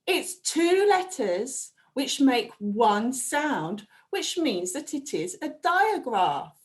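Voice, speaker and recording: Slow, lively woman teacher. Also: high-pitched. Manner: slow, animated, sounding out letters with excited exclamations. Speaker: reception class teacher. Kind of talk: phonics lesson for young children.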